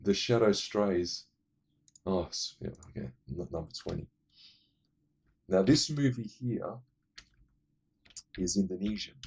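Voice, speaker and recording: A man's voice: low voice, slow, creaky, long pauses, a little mellow, breathy edge. A man rambling enthusiastically through casual film recommendations, full of fillers. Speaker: movie reviewer.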